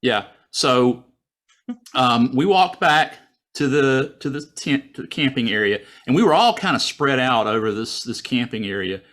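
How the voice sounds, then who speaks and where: A man telling a personal story in a casual way, acting out his own thoughts in a raised, excited voice, heard over a video call. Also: medium pitch, normal speed. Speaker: guest storyteller.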